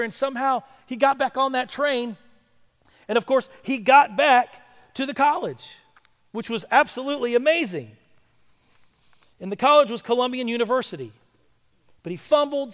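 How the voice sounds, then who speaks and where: High-voiced preacher man in a hall. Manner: storytelling, rising to loud emphatic preaching. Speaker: pastor. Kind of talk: sermon.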